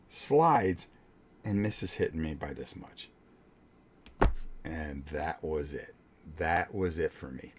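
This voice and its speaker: An older man hosting a vlog, telling a blunt, profane story in a casual, animated way with many restarts. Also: low voice, a little hiss or hum. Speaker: vlog host.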